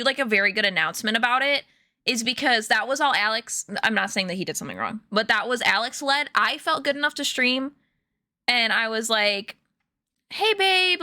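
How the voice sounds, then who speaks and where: A young woman with a bright, slightly high voice talks casually to her stream viewers from home. She rambles through a story, full of "like" and "um". The sound is close and dry, with no room echo. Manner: chatty, rambling storytelling with many fillers and laughs.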